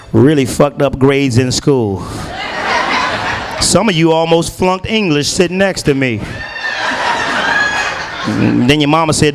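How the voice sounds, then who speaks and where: A male stand-up comedian telling stories in a profane, animated way. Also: mid-range voice, background noise.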